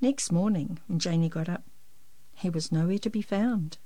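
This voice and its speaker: A woman reading a children's picture book aloud in an expressive, lively storytelling manner. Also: fairly low pitch, moderate pace, no room sound.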